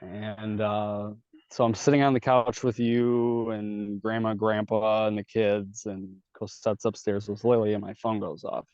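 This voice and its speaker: A podcast guest tells candid stories in a casual, profane way, swearing a lot and acting out each side of the conversations. His voice is on the low side, smooth and a little mellow, with little pitch movement and a measured pace. The podcast audio is dull and dry, with no room sound.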